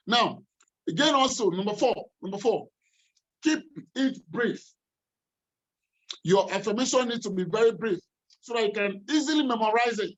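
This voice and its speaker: A man giving a motivational coaching talk, emphatic and repeating his phrases often. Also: sits high. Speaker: life coach. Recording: slightly muffled recording.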